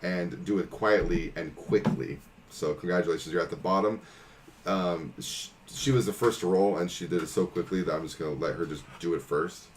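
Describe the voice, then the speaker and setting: A man narrating a tabletop game as game master, relaxed and hesitant with fillers. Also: deep voice, moderate pace. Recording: noisy home recording.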